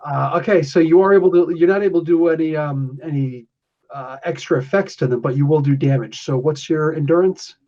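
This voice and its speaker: On a lo-fi podcast recording, a game master narrates a tabletop session in a rambling, casual way full of restarts. He talks a little fast, with a mellow, slightly high voice.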